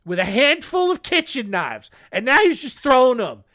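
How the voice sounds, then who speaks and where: A man's voice: very high-pitched, sing-song, normal speed, pushed and bright. A man hosting a podcast, retelling a news story in a rambling, jokey style that keeps interrupting itself. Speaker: podcast host. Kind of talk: comic storytelling.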